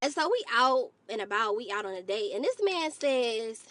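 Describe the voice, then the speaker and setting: A woman vlogger telling a story to her viewers in an animated, exasperated way. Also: fairly high pitch, normal speed. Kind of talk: storytime commentary to camera.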